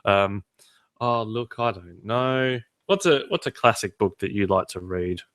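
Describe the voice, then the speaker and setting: A man's voice: lowish voice, a little slow, a bit bright, no room sound, studio quality. A man hosting a podcast in casual chat, cracking irreverent jokes. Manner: joking, irreverent banter. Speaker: podcast host.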